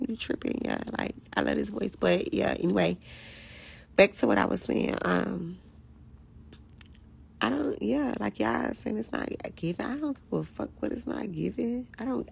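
A woman with a hoarse, raspy voice, chatting casually to viewers on a phone livestream in a candid, profane, rambling way. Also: mid-range voice, slight background noise. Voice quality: raspy, gravelly voice.

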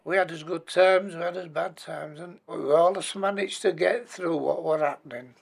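Man in his eighties, gravelly and plain-spoken, telling his own story. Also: on the high side, steady tone, normal speed. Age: 80s. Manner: plain-spoken, matter-of-fact, blunt everyday words. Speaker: bereaved husband and former carer. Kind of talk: personal life story told for a documentary.

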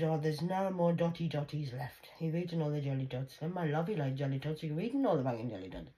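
Low-voiced rambling, swearing woman. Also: animated, brisk, warm tone. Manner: chatty, rambling, swears freely, jokey asides. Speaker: vlogger. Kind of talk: rambling personal monologue.

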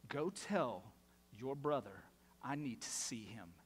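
Stern father, low and hushed, as a man mimics him in a sermon; grave and quiet. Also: animated, takes it slowly, husky, in a large hall. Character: stern father calling a child in.

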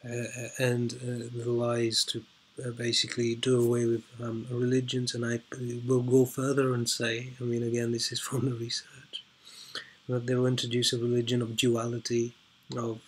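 Reading through an article off the cuff, this vlogger speaks in a flat, slightly rough, medium-pitched voice at normal speed. He hesitates constantly with ums and uhs and leans on repetition to stress points.

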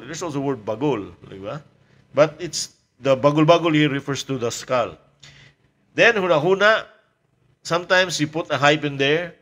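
A man teaching a language lesson in a casual lecture style, pausing with fillers and repeating example words. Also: on the high side, a bit bright.

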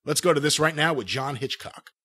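A man's voice: a little high, brisk. A man hosting a podcast, reading an upbeat introduction to a segment. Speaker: podcast host.

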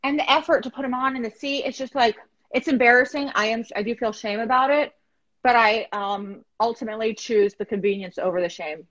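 Animated, storytelling woman, higher voice. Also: fairly quick, muffled recording. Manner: animated storytelling, acts out quotes. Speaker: guest. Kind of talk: casual chat.

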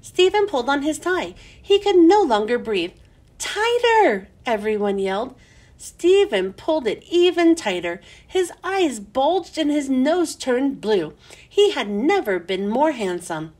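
A woman reading a children's chapter book aloud, slow and expressive. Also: high voice.

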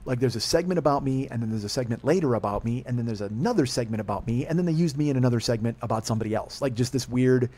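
A middle-aged man hosting a podcast, telling a rambling, profane story with excitement and acting out the dialogue. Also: medium pitch, very fast, hardly any pauses. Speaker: podcast host. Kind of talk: casual monologue storytelling.

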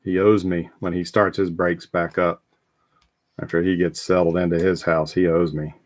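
A man's voice: deep voice, little pitch movement, moderate pace, dry recording. A man hosting a live trading card break, talking casually and rambling with frequent ums and restarts.

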